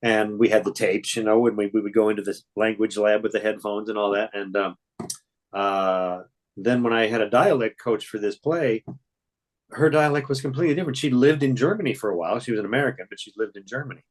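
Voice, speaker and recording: A man's voice: on the low side, fairly quick, rough recording. An older man, a voice actor, telling stories in a rambling, hesitant way during a casual interview. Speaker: voice actor guest.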